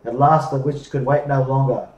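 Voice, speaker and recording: A man reading a fairy tale aloud in a measured way, pausing for drama, recorded off-mic in an echoey room. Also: medium pitch, level tone, a little mellow, recorded from a distance. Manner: measured, slowing for dramatic pauses. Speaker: storyteller. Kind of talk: storybook read-aloud.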